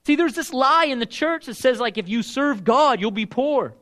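A young man preaching a casual, conversational sermon, emphatic and swinging between loud and hushed delivery. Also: very high-pitched, animated, normal speed, hardly any pauses.

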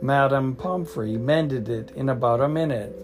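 A man's voice: mid-range voice, moderate pace, over music, lightly acted. A man voicing a timid, clumsy schoolboy in a storybook reading, nervous and pleading.

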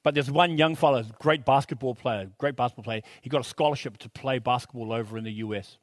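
A man preaching a sermon in an excited, conversational way, with lots of repeated rhetorical questions. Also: mid-range voice, fast, dry recording.

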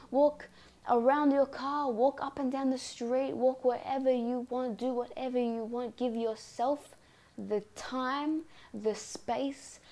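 A woman's voice: high voice, dark tone. Earnest woman coaching a podcast audience. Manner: earnest, repetitive, coaching phrasing. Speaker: podcast host. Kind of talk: reflective self-help monologue.

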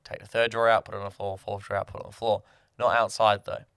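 A young Australian man co-hosting a podcast in casual chat, telling stories with lively acted-out exclamations. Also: lowish voice, racing, smooth, no echo, studio quality. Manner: animated storytelling, acts out his own shouts. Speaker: podcast co-host.

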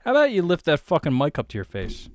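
A man's voice: fairly high pitch, huge pitch swings, fast, no echo. A man co-hosting a casual podcast, teasing and bossing his friend with constant swearing, recorded on a desk mic. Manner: profane, teasing and bossy. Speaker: podcast co-host.

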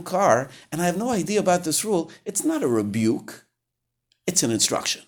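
A man's voice: sits high, sing-song, fairly quick. A man giving a conversational Torah lecture, sometimes searching for words and rising sharply when he acts out quotes. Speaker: rabbi teaching Torah.

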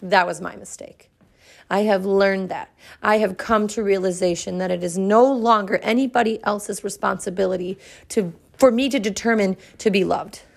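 In her thirties, a female podcast host shares a personal story, earnest and reflective, letting dramatic pauses hang. Her voice sits at a medium pitch with a creaky quality.

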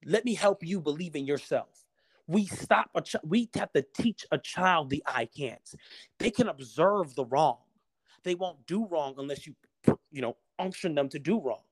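A man talking as a podcast guest, passionate and preacher-like, acting out the voices he quotes. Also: a little high. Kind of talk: casual motivational conversation.

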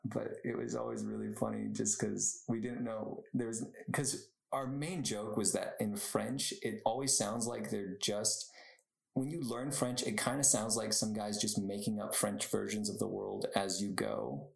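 A young man with a low, gravelly voice hosts a solo podcast, chatting loosely and wandering off on tangents. He laughs a lot as he talks. The room around him is echoey. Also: unhurried. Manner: rambling, goes off on tangents, laughs often. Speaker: podcast host. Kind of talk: casual solo podcast chat.

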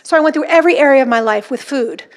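A woman with a high, bright-pitched voice preaches with fervent emphasis. She climbs higher when she builds to a point and drops low and quiet when quoting scripture. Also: very fast. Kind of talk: sermon.

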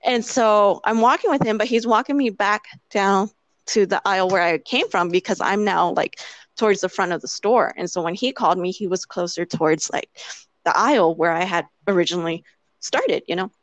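Woman rambling through a story, like like like, voices the quotes, mid pitch, dry sound. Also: normal speed, no echo, muffled recording. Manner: rambling with many "like" fillers; acts out quoted dialogue. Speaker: interviewee. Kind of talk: casual storytelling.

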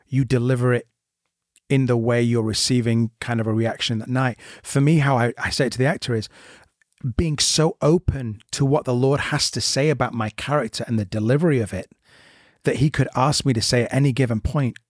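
A man's voice: mid-range voice, fairly even intonation, brisk, dry recording, clean studio sound. A man co-hosting a podcast, speaking earnestly and reflectively in casual conversation. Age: 30s. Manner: earnest, reflective, laughs easily. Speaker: podcast co-host, theatre director.

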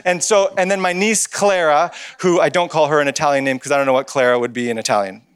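Male church speaker, slightly high voice, lively and funny storyteller. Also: fast, clear, resonant tone. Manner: animated, humorous storytelling. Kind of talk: storytelling sermon.

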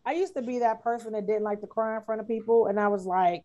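A woman's voice: fairly high pitch, fairly even intonation, fast, dark tone, dull audio. A woman co-hosting a podcast, speaking frankly and with empathy in casual chat. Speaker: podcast co-host.

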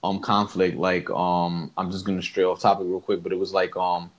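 A man co-hosting a podcast, chatting casually, often hesitant and quick to laugh. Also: low voice, little pitch movement. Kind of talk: casual chat.

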